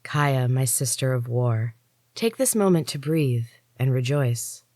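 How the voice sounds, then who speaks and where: Woman reader as a serene, earnest young woman; gentle, slow, low-pitched. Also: lively intonation, dry recording, clean studio sound. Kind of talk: audiobook reading.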